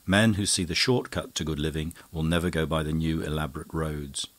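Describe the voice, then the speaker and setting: A man's voice: extremely low pitch, steady tone, fairly quick. A man voicing an ardent, witty young male poet, with emphatic, ironic retorts. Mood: wry.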